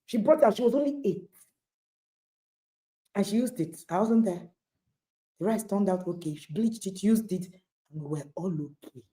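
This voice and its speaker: A woman's voice: medium pitch, animated, moderate pace, long pauses, dark tone. A middle-aged woman with a Nigerian accent giving an emphatic motivational talk to parents, repeating points for stress and addressing listeners directly. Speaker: parenting speaker and author.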